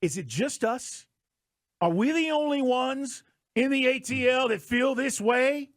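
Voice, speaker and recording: A man's voice: very high-pitched, expressive, measured pace, dry recording, studio quality. A man co-hosting a sports radio show, talking emphatically and firing off rhetorical questions.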